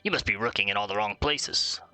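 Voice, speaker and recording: A man's voice: on the low side, brisk, bright, forceful tone, soft background music. Man doing a squawky, storytelling bird merchant for a game playthrough. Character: chatty bird-like desert equipment merchant. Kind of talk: let's play voice acting.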